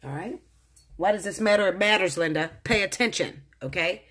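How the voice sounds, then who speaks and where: A woman's voice: mid-range voice, moderate pace. A woman talking as a tarot reader in a casual monologue, blunt and profane, speaking straight to the viewer. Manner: profane, blunt, animated, addresses viewer directly.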